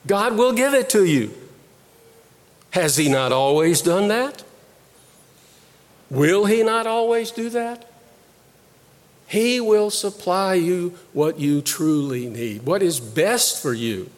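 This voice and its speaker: A man preaching a sermon, slow and deliberate, pausing and repeating phrases as he teaches. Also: sits high, expressive, big-room sound. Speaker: pastor.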